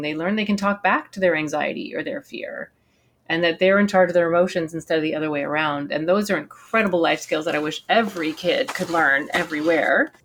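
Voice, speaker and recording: Earnest woman explaining, lowish voice. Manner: earnest, animated explaining with quick asides. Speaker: guest coach for parents and kids. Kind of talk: explaining in casual interview.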